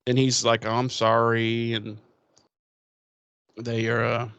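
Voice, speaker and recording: A man's voice: medium pitch, monotone, slow pace, fairly bright tone, smooth, no room sound. A man co-hosting a podcast, recapping an episode in loose, profane, casual chat and paraphrasing the characters' lines as he goes. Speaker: podcast co-host.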